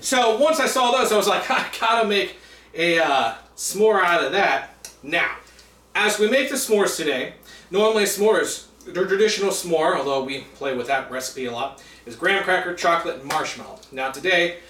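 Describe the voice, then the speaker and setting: Male host, casual cooking-show chat, self-mocking, high voice, echoey room. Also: animated, normal speed, pushed and bright, slight background noise. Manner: upbeat, chatty, self-mocking. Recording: roomy echo, distant mic, music behind.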